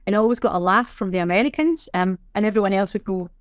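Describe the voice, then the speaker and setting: A woman's voice: mid-range voice, quick pace, no room sound, clean studio sound. A middle-aged woman, a sign language interpreter, explaining things in casual interview chat. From Scotland. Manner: chatty, self-correcting, explanatory.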